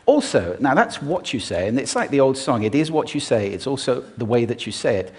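A man's voice: medium pitch, very animated, brisk. A man who is a voice expert gives a live talk on a stage before an audience and uses his own voice to demonstrate his points.

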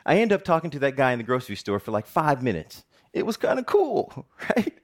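A middle-aged man tells his own story to an audience in an animated, joking way, often laughing at himself. His voice sits in an ordinary male pitch and swings widely up and down as he goes. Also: brisk. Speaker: TV presenter giving a talk. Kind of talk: personal storytelling talk.

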